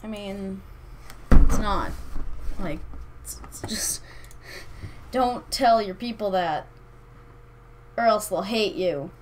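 A woman's voice: medium pitch, slow pace, pauses often, slight background noise, low-quality recording. A woman hosting a let's-play, commenting casually on her strategy game in a rambling, hesitant way that keeps correcting itself. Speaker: gaming channel host.

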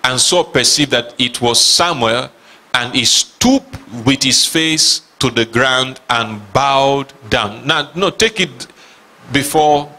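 A man's voice: mid-range voice, takes it slowly, pushed and bright. A man preaching a sermon as pastor, reading scripture aloud with emphasis and asking his listeners questions. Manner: reads scripture aloud dramatically.

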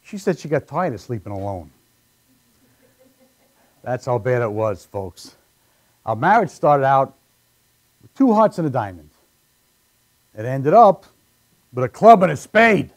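Animated male stand-up comedian. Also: fairly high pitch. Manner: deadpan one-liners, punchy. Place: live show room.

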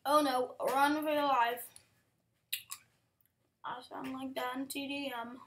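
Woman, gameplay commentator, high voice, unhurried pace, excitable outbursts, whispered asides. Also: a little hiss or hum. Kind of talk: casual gaming commentary.

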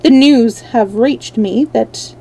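A woman voicing a calm, gentle young girl queen who speaks quietly and firmly. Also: on the high side, takes it slowly, vocal fry, a little hiss or hum, low-quality recording. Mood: composed. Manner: quiet, composed and firm.

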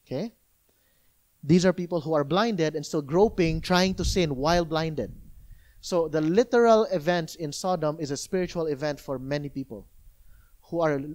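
Male pastor, high-voiced, animated conversational preaching. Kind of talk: sermon. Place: church.

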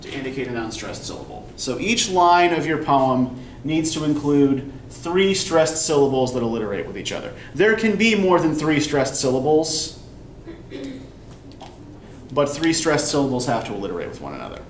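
A male instructor lectures a class in a patient, explanatory way, pausing often to ask whether everyone follows. He sounds set back from the mic in an echoey classroom, with a faint hum of room noise behind him. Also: mid-range voice, big pitch swings. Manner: patient, explanatory, checks understanding with frequent "right?". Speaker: college English instructor. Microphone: recorder at a distance in the room. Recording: roomy distant classroom recording with faint background noise.

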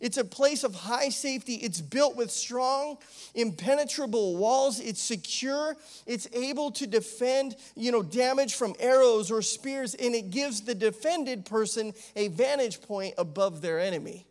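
A man, an associate pastor, preaching a sermon in a conversational, animated way, with frequent asides and calls of amen. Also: very high-pitched, measured pace. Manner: animated, acts out the disciples' pleading.

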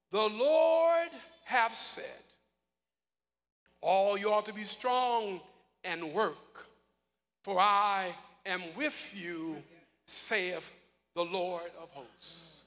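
A male pastor preaching a live sermon, calling on congregation members by name and breaking into loud shouts. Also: sits high, drawn-out words. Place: large church hall. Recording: live in a reverberant hall with congregation.

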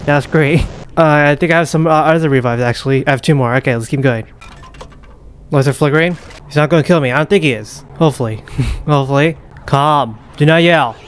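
A young man commentating a horror game as he plays, muttering, whispering and panicking with rapid repeats. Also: a little high. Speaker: gaming YouTuber. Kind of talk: live gameplay commentary.

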